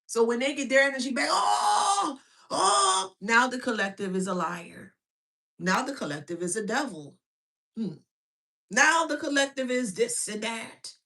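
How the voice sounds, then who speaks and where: High, blunt, animated woman. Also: normal speed. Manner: animated, blunt and mocking, with frequent slang and laughs. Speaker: spiritual reader. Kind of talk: casual spiritual reading chat.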